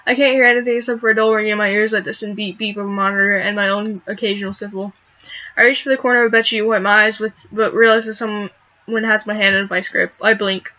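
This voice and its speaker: A young woman reading a visual novel aloud and reacting to it, animated and quick to laugh. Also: mid-range voice, highs cut off. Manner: animated, laughs and swears at the game. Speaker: let's play gamer.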